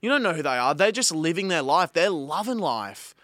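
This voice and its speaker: A young man with an Australian accent rants bluntly in casual podcast talk, dropping swear words as he makes his case. His voice is bright and tense, pitched a little high, and sounds dry and close to the mic. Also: big pitch swings, a little fast, no echo. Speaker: podcast co-host. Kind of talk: casual chat.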